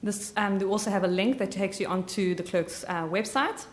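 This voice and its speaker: A woman with a slight Southern US drawl giving a live software training, chatty and full of ums and self-corrections. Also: medium pitch, moderate pace.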